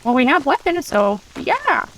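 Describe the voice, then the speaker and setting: Woman playing a blunt tavern girl adventurer, high voice, hesitant starts. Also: wildly swooping pitch, measured pace, fairly bright tone, slight background noise, heavily acted, poor audio.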